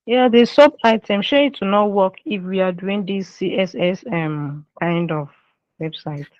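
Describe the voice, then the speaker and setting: A woman's voice: medium pitch, measured pace, dry recording, dull audio. A woman student in a class, asking a question politely and hesitantly.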